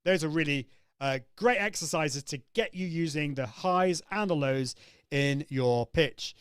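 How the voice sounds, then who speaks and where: Here the coaching host speaks at a measured pace in a clean tone, his voice on the high side and the recording dry. He remains upbeat and hands-on, teaching and replying to viewers' comments in a live stream.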